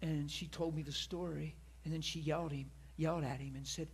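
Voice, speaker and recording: Husky, animated preacher man. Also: a little high, moderate pace, few pauses. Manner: animated storyteller, acts out quoted voices, drops to soft whisper at emotional moments. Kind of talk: sermon storytelling.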